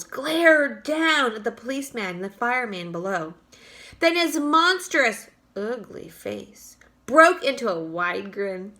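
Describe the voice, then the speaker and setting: A woman teacher reading a chapter book aloud to young children, lively and expressive. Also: high-pitched. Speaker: third-grade teacher.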